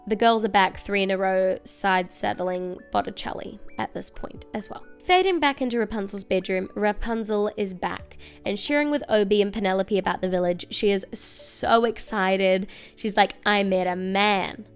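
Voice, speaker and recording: A young woman hosting a casual, comedic recap, chatty and wry with quick asides. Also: medium pitch, smooth, soft background music. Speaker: video essay host.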